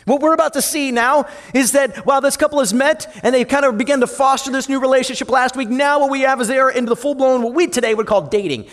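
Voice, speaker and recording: A male pastor preaching a sermon in an animated way, swinging from loud and lively to soft and low. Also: fast, hardly any pauses. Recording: long hall reverb.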